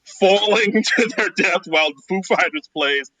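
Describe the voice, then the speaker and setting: Male podcast co-host, bright voice, dry close mic, laid-back rambling recap. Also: high-pitched, a little slow, no echo, rough recording. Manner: relaxed, loose recaps with filler words. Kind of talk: casual movie discussion.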